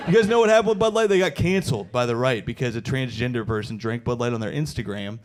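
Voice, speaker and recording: A man in his thirties doing a stand-up comedy set on a stage mic, loose and chatty, calling the crowd "dude" and breaking into loud shouted impressions. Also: medium pitch, fast, slight background noise. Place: comedy show before a live audience.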